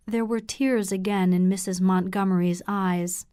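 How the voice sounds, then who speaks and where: A woman narrating an audiobook for language learners in a clear, measured reading. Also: mid-range voice, steady tone, warm tone, no echo, clean studio sound.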